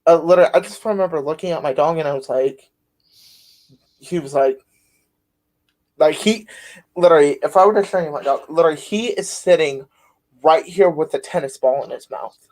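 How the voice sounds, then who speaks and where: Rambling podcast host, lots of fillers. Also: male voice, on the high side, fairly quick, long pauses, a little mellow. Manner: rambling storyteller, many fillers. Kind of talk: casual conversation.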